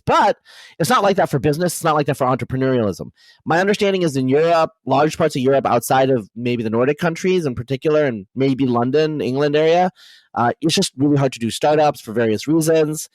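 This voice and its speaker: A man hosting a podcast interview, talking in a rapid, animated way with many fillers and restarts. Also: fairly high pitch, dry recording. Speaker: podcast host. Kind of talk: casual conversational interview.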